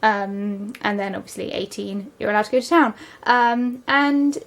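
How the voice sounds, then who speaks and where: A young woman with an English accent talks straight to camera in a loose, rambling vlog. She fills her sentences with ums and often rushes ahead in quick bursts. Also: medium pitch, a bit bright, a little hiss or hum. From England. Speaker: vlogger. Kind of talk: casual vlog monologue. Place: home, just out of the shower.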